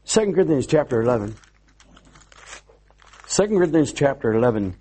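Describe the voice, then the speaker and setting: A male pastor preaching a sermon, telling a story in an animated way with stammered restarts. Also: medium pitch, brisk, breathy edge.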